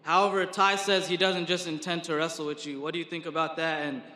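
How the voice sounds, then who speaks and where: A man's voice: a little high, little pitch movement, brisk, sharp tone, echoey room, long reverb tail. A man asking questions as a reporter at a press conference, chatty and hedging with fillers.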